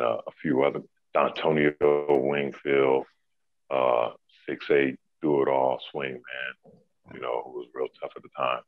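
A man's voice: a bass voice, creaky. A middle-aged man, a former pro basketball player, telling stories in a laid-back, laughing way with many fillers. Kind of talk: casual storytelling. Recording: dry, tinny phone-like sound.

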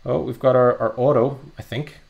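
A man's voice: mid-range voice, steady tone, moderate pace, vocal fry, phone-quality sound. A young man giving chatty, upbeat live commentary while opening trading card packs, with frequent ums and uhs. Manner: chatty, upbeat, lots of fillers. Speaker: card breaker.

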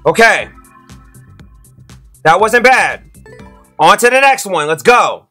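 A man giving excitable, slangy let's-play commentary to his viewers as a YouTube gamer. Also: sits high, takes it slowly, soft background music.

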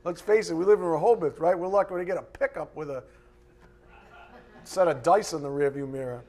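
A man's voice: fairly high pitch, brisk, darkish tone. A man preaching a live sermon from a church pulpit, emphatic and conversational with mocking asides. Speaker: pastor.

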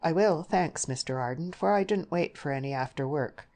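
A woman's voice: deep voice, normal speed, a little mellow. A woman voicing a young man, an earnest and impulsive suitor who speaks eagerly. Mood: polite.

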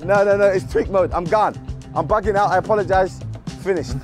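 A man's voice: high-pitched, fairly quick, a little mellow, soft background music. A young man in a prank video, talking in a jokey, self-mocking way.

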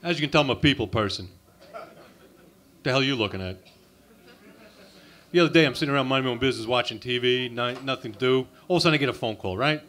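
A man's voice: mid-range voice, fast talker, long pauses, a bit bright. A man doing a crude, sarcastic insult stand-up routine at an open mic night. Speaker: stand-up comic. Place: comedy club open mic.

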